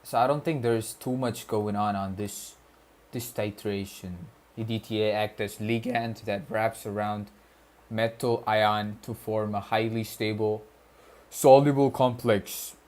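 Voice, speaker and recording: A man with a deliberately put-on Arabic-style accent, casually chatting with viewers on a study livestream and reading chat aloud. His speech is slangy and loose, with swearing and frequent stumbles. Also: fairly low pitch, fairly even intonation, darkish tone. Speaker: streamer studying on stream.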